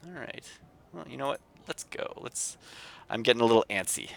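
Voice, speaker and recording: A man's voice: mid-range voice, huge pitch swings, normal speed, gravelly, a little hiss or hum. A man livestreaming a game, reading its text aloud and chatting casually with viewers. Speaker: streamer.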